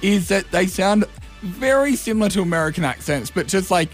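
A man's voice: high-pitched, animated, fairly quick, faint music behind. Jokey Australian man radio co-host. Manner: jokey, laughs easily. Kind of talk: morning radio banter. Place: radio studio.

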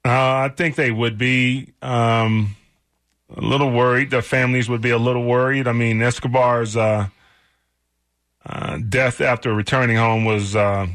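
A man co-hosting a casual sports talk show, talking with many pauses and fillers. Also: mid-range voice, flat delivery, fairly bright tone, dry recording, clean studio sound. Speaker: co-host.

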